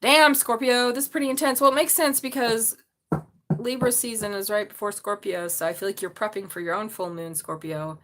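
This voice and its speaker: A woman giving a live tarot reading, chatty and excitable, swearing casually and talking straight to her viewers. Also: mid-range voice, brisk, background noise. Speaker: tarot reader.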